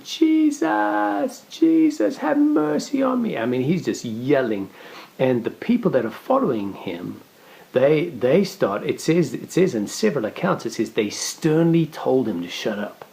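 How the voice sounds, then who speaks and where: A man's voice: mid-range voice, a little mellow. A man preaching a conversational devotional message in an earnest way, often restarting and repeating his words.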